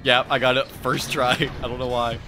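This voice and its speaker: A young man hosting a gaming video, crude and loud, swearing and laughing a lot in casual banter. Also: mid-range voice, level tone, moderate pace, faint music behind.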